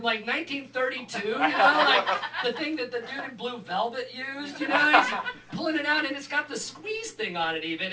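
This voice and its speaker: A man doing stand-up, telling a story with animated asides and acted-out quotes. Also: very high-pitched. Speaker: stand-up comedian. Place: live comedy venue. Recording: echoey room, far from mic, audience noise.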